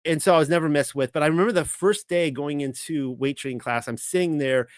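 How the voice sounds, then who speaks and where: A man's voice: a little high, a little fast, no room sound. Guy giving a bible teaching, rambly, lots of uh and restarts, dead dry sound. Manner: rambling, many restarts and fillers. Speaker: ministry teacher.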